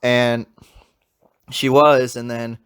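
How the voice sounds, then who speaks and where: Young guy rambling thru a story on a podcast, swearing lots, normal pitch. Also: level tone, very slow, a bit bright, clear, resonant tone. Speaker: podcast co-host. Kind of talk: casual chat.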